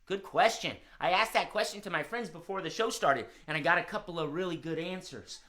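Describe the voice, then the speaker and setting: A man's voice: high-pitched, a little fast, few pauses, sharp tone. A man hosting a live-streamed children's music show, talking cheerfully straight to young viewers.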